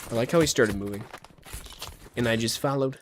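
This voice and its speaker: A man's voice: medium pitch, fairly quick, background noise. A man chatting casually with viewers on his livestream while he plays a shooter, joking and talking straight to his audience. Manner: chatty, jokey, talks to viewers directly. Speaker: game streamer. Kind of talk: casual livestream chat over gameplay.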